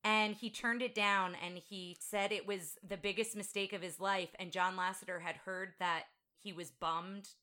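Bright-voiced woman podcast host. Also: mid-range voice, steady tone, normal speed, few pauses. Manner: chatty, fact-sharing, frequent fillers. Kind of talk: casual chat sharing movie trivia.

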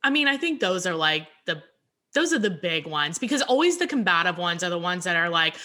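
A woman's voice: lowish voice, big pitch swings, fairly quick, sharp tone. A woman co-hosting a casual chat show, blunt and joking in a wry way. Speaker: podcast co-host.

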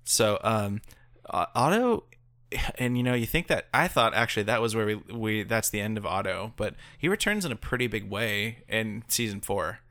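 A man's voice: on the low side, normal speed, hardly any pauses, bright, forceful tone. A married man co-hosting a casual podcast, rambling through his thoughts with lots of fillers and restarts. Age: adult, married. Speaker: podcast co-host. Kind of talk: casual chat.

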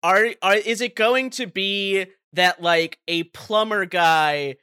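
A man co-hosting a podcast in joking, casual chat. His voice sits high and sounds smooth and bright. The recording is close and dry. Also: takes it slowly, dry recording. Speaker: podcast co-host.

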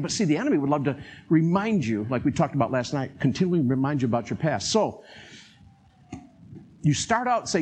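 An older man preaching a sermon in an animated way, acting out quotes and chuckling as he talks. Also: fairly high pitch, brisk, a little hiss or hum.

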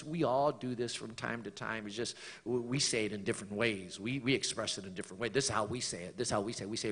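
A man's voice: medium pitch, quick pace, few pauses, pushed and bright, husky, long reverb tail. A man preaching a sermon in a church, building to emphatic, repeated lines. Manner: preaching with swelling emphasis and repetition. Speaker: pastor. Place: church sanctuary.

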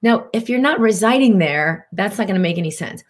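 A middle-aged woman giving a live-streamed spiritual teaching talk, animated, acting out inner voices. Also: mid-range voice, fairly quick.

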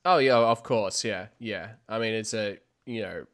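A man's voice: fairly low pitch, unhurried, fairly bright tone. A man co-hosting a casual fan podcast, hesitant with many fillers and restarts. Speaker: podcast co-host.

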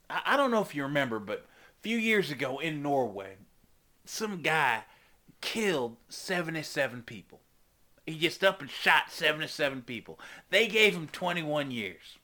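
A man's voice: on the high side, very animated, moderate pace, pushed and bright. A man hosting a comedic call-in show, ranting sarcastically to his listeners. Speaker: radio call-in host.

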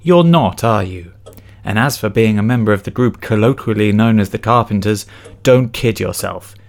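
A man hosting a comedy podcast, reading a scripted monologue in a solemn, mock-ceremonial deadpan. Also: on the low side, creaky. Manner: solemn mock-ceremonial delivery, slow chanting of a creed. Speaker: podcast host. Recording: loud guitar music behind.

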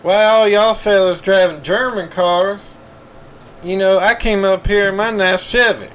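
A man's voice: high voice, steady tone, a little slow, a bit bright, a little hiss or hum, voice pushed up. A man voicing a brash Southern NASCAR fan with a Southern accent, griping in a folksy way.

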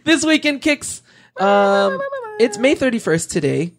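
A man co-hosting a casual sneaker podcast, chatty and quick to laugh, with many fillers. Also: high-pitched, very animated, a bit bright. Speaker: podcast co-host.

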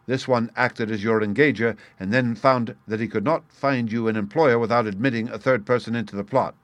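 A man reading the lines of a sharp, confident male detective in a crisp, explanatory manner. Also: mid-range voice, brisk, no room sound, lightly acted. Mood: explaining. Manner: crisp, explanatory, bursts of excitement.

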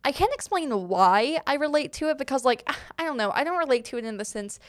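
A woman's voice: high voice, expressive, a little fast, no echo, clean studio sound. A young adult woman hosting a podcast, answering listener questions in casual, rambling chat full of fillers and giggles. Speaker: podcast host. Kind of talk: casual solo Q&A.

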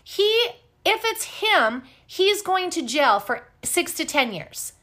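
A woman host telling a story in casual, blunt talk, animated and swearing freely. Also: very high-pitched, slow pace. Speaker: podcast host.

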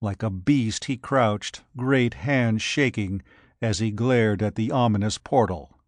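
A man narrating an adventure story in a measured, even reading. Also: fairly low pitch, no room sound, studio quality. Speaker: audiobook narrator.

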